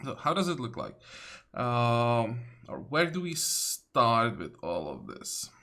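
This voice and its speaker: Man, slow unhurried pace, bright tone, thinking-aloud game commentary. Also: mid-range voice, wildly swooping pitch. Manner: thinking aloud, many fillers and self-corrections. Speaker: let's play host. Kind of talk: casual gameplay commentary.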